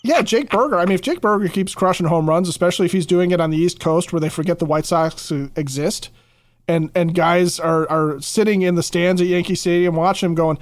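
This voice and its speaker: A man co-hosting a casual sports podcast, talking quickly and repeating words as he starts his thoughts. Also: sits high, no room sound. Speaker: podcast co-host.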